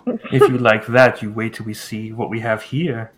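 A man voicing a pompous, fussy noble lord in a tabletop game, talking in a slow, theatrical aristocratic drawl. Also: on the low side, steady tone, close to an everyday voice.

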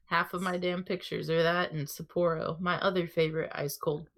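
A woman's voice: on the low side, level tone, moderate pace, a bit bright. A woman co-hosting a podcast in casual chat, giggly and teasing. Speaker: podcast co-host.

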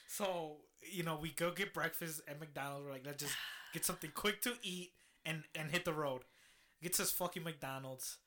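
A man with a bright, somewhat high voice tells a story in relaxed conversation. He swears freely and laughs as he talks. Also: normal speed. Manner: swears freely, laughs while telling stories. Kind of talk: casual storytelling chat.

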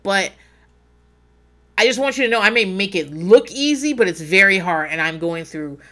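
Animated, swearing woman on a podcast. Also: mid-range voice, normal speed. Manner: animated, swearing, laughing often, acting out her inner voice. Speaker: podcast co-host. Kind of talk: casual chat.

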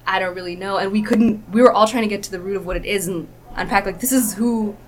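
A woman's voice: medium pitch, fairly even intonation. A woman speaking as a podcast guest in casual chat, rambling and full of "like". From United States. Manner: fast, rambling, frequent "like".

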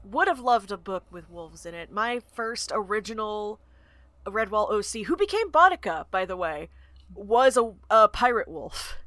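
A woman's voice: mid-range voice, a little slow, fairly bright tone, no room sound. A woman co-hosting a casual book-club podcast, rambling and self-deprecating. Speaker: podcast co-host.

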